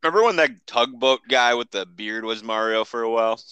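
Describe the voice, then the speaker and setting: Bright, smooth-voiced man joking around. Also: medium pitch, a little fast, dry recording, muffled recording. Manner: joking, loose, trails off with "you know". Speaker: podcast co-host. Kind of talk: casual podcast banter.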